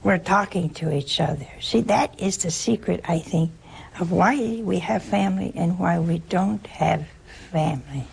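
A woman gives an informal spiritual talk, her voice gravelly and deeply husky, with a lot of rough grain. She keeps it chatty and humorous and acts out snippets of dialogue as she goes. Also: a little slow, a little mellow. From United States.

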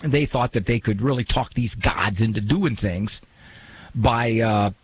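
A man hosting a call-in radio advice show, talking to a caller in a gentle, pastoral way with many restarts. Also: on the low side, unhurried, a little hiss or hum, rough recording.

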